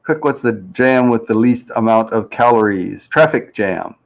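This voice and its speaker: A man with a gravelly, mid-range voice speaks expressively at a normal speed while hosting a game show live stream. He rambles casually, reads viewers' comments out loud, and has fun twisting pronunciations.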